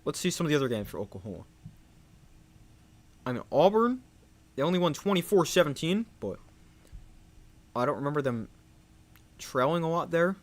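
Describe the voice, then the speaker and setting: Young male play-by-play caller, high lively voice that jumps on big plays. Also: normal speed, pauses often. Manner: excitable, rising sharply on big plays. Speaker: play-by-play streamer. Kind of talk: live play-by-play commentary.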